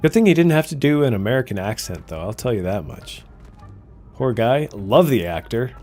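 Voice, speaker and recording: A man's voice: mid-range voice, sing-song, normal speed, a little mellow, faint music behind. A man streaming a video game, giving playful, jokey commentary. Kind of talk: casual gameplay commentary.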